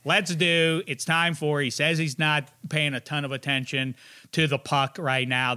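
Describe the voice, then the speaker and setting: A man hosting a casual sports podcast, joking loudly and running a quiz game. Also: a little high, moderate pace, smooth. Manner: loud, joking, animated. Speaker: podcast host.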